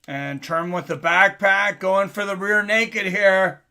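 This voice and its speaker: A man doing casual live commentary on a fight for his stream chat, getting louder and more excited at big moments. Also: high voice, unhurried, clear, resonant tone.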